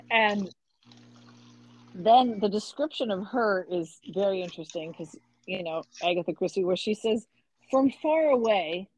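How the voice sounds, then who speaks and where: A woman's voice: on the low side, darkish tone, no room sound. A woman in casual conversation, retelling scenes from a novel and quoting its characters. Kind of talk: casual book discussion. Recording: dull lo-fi mic.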